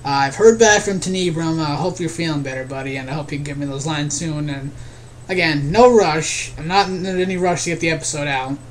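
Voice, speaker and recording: A man's voice: on the high side, a little fast, slight background noise. A young man giving a casual, rambling vlog update to his viewers, earnest and often restarting his sentences. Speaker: video creator.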